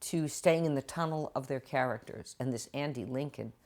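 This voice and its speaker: An older woman, a guest actress and author, telling stories in an interview and acting out quotes with lively voices. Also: extremely low pitch, normal speed. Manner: animated, acts out quotes in different voices. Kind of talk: interview storytelling. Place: TV studio.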